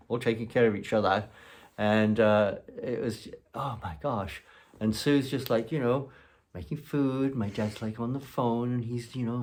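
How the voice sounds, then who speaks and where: A man's voice: lowish voice, a little mellow. A man hosting a show, telling a rambling, casual story with many asides. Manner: rambling, chuckling, full of "you know". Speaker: host.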